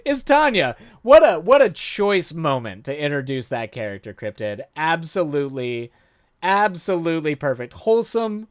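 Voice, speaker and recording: A man streaming live, reading a story aloud and breaking off into excited, rambling commentary. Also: on the high side, moderate pace, clear, resonant tone, no echo, clean studio sound. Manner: enthusiastic, rambling commentary with many fillers and restarts.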